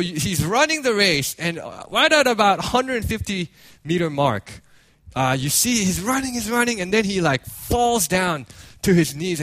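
A man preaching a sermon as a pastor, telling a story in an animated way with many restarts. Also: high-pitched, no room sound.

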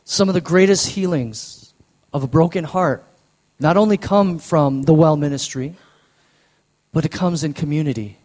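Earnest higher-voiced male preacher. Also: darkish tone. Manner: earnest, slows down to stress key words. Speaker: pastor. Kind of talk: sermon. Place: church sanctuary.

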